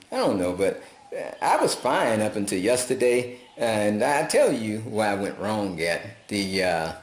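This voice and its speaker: A man talking in a folksy, preachy, casual vlog style, telling animated stories. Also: mid-range voice. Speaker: vlogger. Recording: roomy echo.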